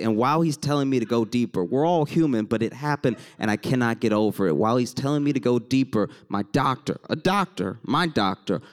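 Brief: man from Louisiana, animated live storyteller, wry asides to the crowd, mid-pitched voice. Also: fairly quick, few pauses. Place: stage before a live audience.

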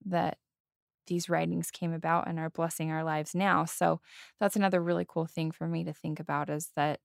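A woman co-hosting a faith podcast speaks earnestly, holding back tears as she shares. Her voice sits low with a gravelly fry. The recording is dry and close. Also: flat delivery, normal speed, no room sound. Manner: earnest, emotional, heartfelt. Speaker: podcast co-host. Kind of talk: casual testimony chat.

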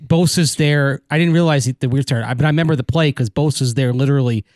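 A man co-hosting sports talk radio, calmly pushing back and giving the other side. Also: mid-range voice, dry recording. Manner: measured, plays devil's advocate.

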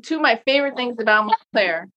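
A woman's voice: fairly high pitch, animated, fast talker, highs cut off. Upbeat woman guest chatting. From New York. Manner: enthusiastic, laughs often. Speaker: guest, street photographer. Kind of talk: casual podcast chat.

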